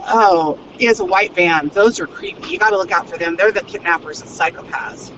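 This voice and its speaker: Crude motor-mouthed woman driving. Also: lowish voice. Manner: fast, crude and unfiltered. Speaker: vlogger. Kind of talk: rambling monologue while driving. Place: inside a car in traffic. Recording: dull lo-fi car recording with road noise. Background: traffic noise.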